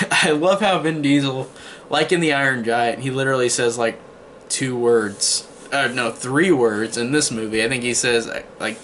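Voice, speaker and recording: A man talks through a movie review in a loose, rambling way, often restarting his sentences and leaning on fillers. His voice has a bright, forward edge, with a faint hiss of noise underneath. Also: mid-range voice. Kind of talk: casual spoken movie review.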